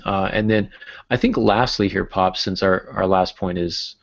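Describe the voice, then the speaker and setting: Low creaky guy rambling on a writing podcast, bit muffled. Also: steady tone, unhurried. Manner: rambling, joking, many fillers. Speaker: podcast co-host. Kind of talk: casual writing podcast chat.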